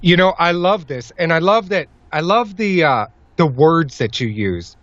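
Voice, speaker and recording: A man's voice: on the high side, animated, moderate pace, hardly any pauses, a bit bright, no room sound. A man hosting a podcast, emphatic and enthusiastic as he asks questions and comments. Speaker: podcast host. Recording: dry, dull lo-fi sound.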